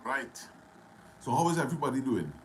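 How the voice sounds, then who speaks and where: A man with a Trinidadian accent hosting a casual live stream, greeting viewers one by one and talking loudly. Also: mid-range voice, sing-song, a little fast, a little hiss or hum, rough recording. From Trinidad and Tobago. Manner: greets viewers by name, loud and friendly. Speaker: livestream host.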